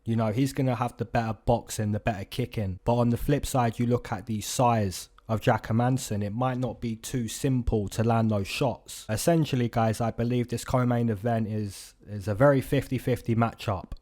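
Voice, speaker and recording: Male host of a betting breakdown: casual, animated, repetitive, answers his own questions. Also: mid-range voice, moderate pace, hardly any pauses. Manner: animated, repeats points, asks himself rhetorical questions. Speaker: fight predictions host.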